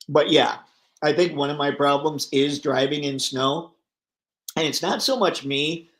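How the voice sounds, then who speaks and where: A man hosting a casual livestream, reading viewer comments aloud and riffing on them, thinking out loud as he browses online listings. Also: on the high side. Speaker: livestream host. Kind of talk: casual live chat.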